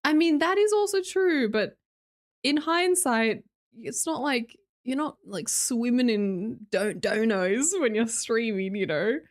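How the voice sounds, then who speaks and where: A woman with an Australian accent chats casually to her live-stream viewers, reading their messages aloud. Her voice sits a touch high and swings widely in pitch. She laughs often and trails off into restarts. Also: animated, slow.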